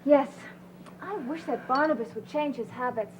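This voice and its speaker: An actress playing a kind young caretaker who soothes and reassures. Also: female voice, high-pitched, moderate pace, background noise, close to an everyday voice. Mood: concerned. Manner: soothing, concerned. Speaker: caretaker friend.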